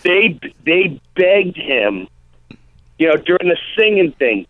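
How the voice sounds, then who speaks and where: Brief: comedian guest, man, higher-pitched talk, rambling, tinny phone-line sound, dry. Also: no echo. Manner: rambling, lively, slips into quick impressions of people. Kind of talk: casual interview chat.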